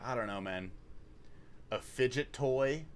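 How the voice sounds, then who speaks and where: A man's voice: medium pitch, slow pace, a little hiss or hum. A man thinking aloud on a casual livestream while solving a word puzzle, swearing when frustrated.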